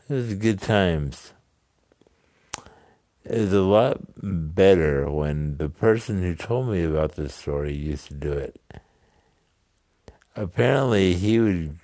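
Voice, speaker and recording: A man with a deep voice tells a story at an easy, unhurried pace. He halts and restarts, tossing in casual asides. The sound is dry and close. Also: warm tone, no echo.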